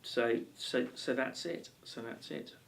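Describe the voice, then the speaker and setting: A man's voice: medium pitch, steady tone, slow pace, creaky, recorded from a distance. A man teaching a ukulele course in a chatty, encouraging way, with lots of ums and restarts. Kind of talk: casual video lesson and anecdote.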